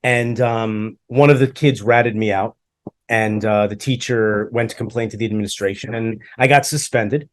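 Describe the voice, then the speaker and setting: A man's voice: lowish voice, fairly even intonation, normal speed. A middle-aged man co-hosting a podcast, telling stories from his school days in a joking, self-deprecating way and acting out the people he quotes. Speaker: podcast co-host. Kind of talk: casual storytelling chat.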